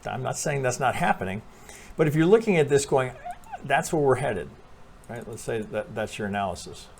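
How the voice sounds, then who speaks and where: On his own trading channel, a man rambles casually through charts, cursing, restarting, self-correcting and asking viewers "right?" again and again, with occasional allergy coughs. His medium-pitched voice is animated, a little fast, creaky and slightly mellow, with faint hiss or hum.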